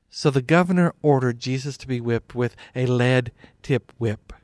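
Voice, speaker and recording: A man narrates a Bible story in an easy, conversational tone, mid-pitched, often leading in with "well". The recording is dry and close, with no room sound. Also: steady tone, moderate pace, hardly any pauses, dry recording. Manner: plain, conversational, starts sentences with "well".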